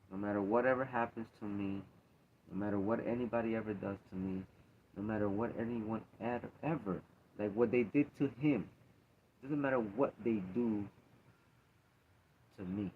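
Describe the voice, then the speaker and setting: A man's voice: on the low side, steady tone, moderate pace, long pauses, a little hiss or hum. A man in a casual faith talk, speaking earnestly and emphatically, repeating himself to drive points home. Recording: dull lo-fi recording.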